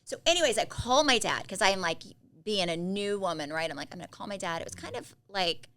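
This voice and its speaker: A woman co-hosting a podcast, chatting casually and telling animated stories. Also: mid-range voice, fast talker, clean tone. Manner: chatty storyteller, animated quotes. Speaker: podcast co-host. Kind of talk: casual chat.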